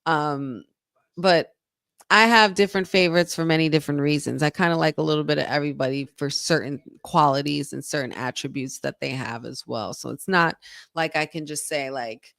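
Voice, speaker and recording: A woman's voice: low-pitched, a little fast, vocal fry, a bit bright, no echo, studio quality. A woman co-hosting a wrestling podcast, chatting casually during a live watch-along, reacting aloud and reading viewer comments.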